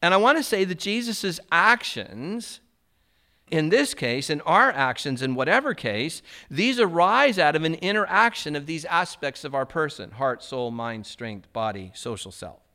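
A man's voice: fairly high pitch, sing-song, measured pace, pushed and bright. A man preaching a sermon as a pastor, reflective and conversational, asking his listeners rhetorical questions.

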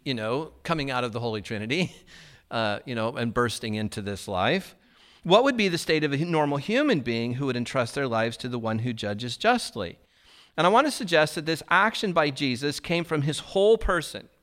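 A man's voice: on the high side, fairly bright tone. A man preaching a sermon as a pastor, reflective and conversational, asking his listeners rhetorical questions.

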